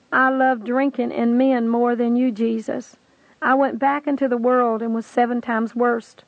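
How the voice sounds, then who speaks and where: A woman's voice: on the high side, dry recording. A woman voicing a tormented woman in hell who pleads and confesses with remorse, on a dry lo-fi tape recording. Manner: anguished, confessional.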